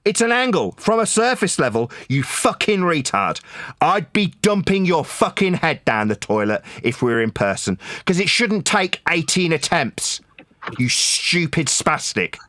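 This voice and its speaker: A man in a heated online debate, angrily mocking and shouting insults, repeating the same point. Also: fairly high pitch, sing-song, unhurried, no echo, studio quality. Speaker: debate caller.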